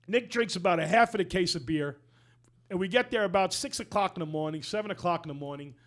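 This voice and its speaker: A man with a New York accent, a chef hosting a podcast, telling a story in a lively way and acting out quotes. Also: high-pitched. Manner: animated storyteller, acts out quotes loudly. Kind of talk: casual storytelling chat.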